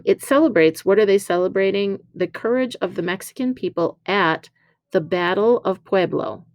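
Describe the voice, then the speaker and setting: A woman teacher narrates a recorded slide lesson in a chatty way, using fillers and quickly correcting herself as she explains. Her low, darkish voice sounds dry and close to a computer microphone.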